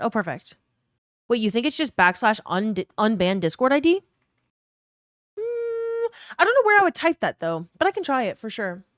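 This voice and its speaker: A woman's voice: mid-range voice, no room sound, clean studio sound. A young woman from New Orleans with a neutral accent, chatting casually with her live stream viewers, reading comments aloud and swearing now and then. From New Orleans, US South.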